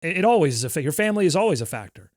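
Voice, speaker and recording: A man co-hosts a casual sports podcast in a somewhat high voice, hammering his points home by repeating them. The recording is dry and close, with no room sound. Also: sing-song, very fast, darkish tone, no echo. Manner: emphatic, repeats points for stress. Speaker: podcast co-host.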